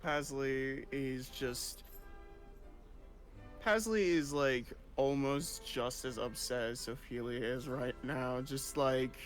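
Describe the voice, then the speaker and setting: A man in a tabletop game, speaking very slowly and searching for words. Faint music sits underneath. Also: medium pitch. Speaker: player. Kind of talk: casual tabletop play.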